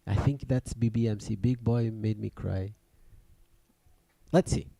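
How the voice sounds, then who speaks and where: Gravelly, dark-voiced man hosting a music show. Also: on the low side, a little slow, no echo. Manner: rambling, hesitant, many restarts. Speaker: radio show host and DJ. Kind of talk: casual chat on a livestreamed music show.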